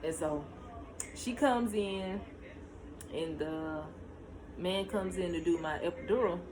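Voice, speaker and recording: A young woman recounts her own story in a casual home vlog, talking straight to her viewers. Her pitch jumps high whenever she relives a tense moment. The camera mic picks up faint noise in the room. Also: takes it slowly. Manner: talks to viewers directly, shushing her child between lines. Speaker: vlogger telling a story.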